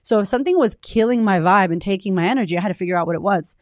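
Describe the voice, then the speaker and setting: A woman in her thirties, a podcast host and coach, giving a candid, high-energy motivational talk full of swearing. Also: racing, no echo, clean studio sound.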